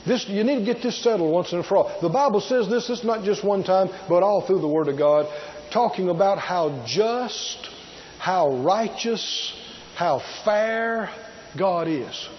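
A man's voice: sits high, a little slow, dull audio, a little hiss or hum. A man preaching a sermon, emphatic and drawn out, repeating key words and asking his listeners rhetorical questions. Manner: asks the congregation rhetorical questions.

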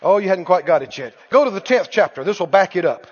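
High-voiced preacher in an echoing hall. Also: male voice, animated, fast, husky. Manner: emphatic, repeating phrases, shouting at peaks. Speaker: pastor. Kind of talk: sermon. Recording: dull lo-fi sound with long hall reverb.

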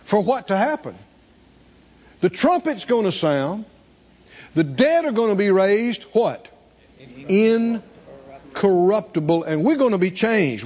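Lively high-voiced male preacher. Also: a little slow, long pauses, muffled recording. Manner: call-and-response preaching, rhetorical questions, reading scripture aloud. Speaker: pastor. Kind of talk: sermon.

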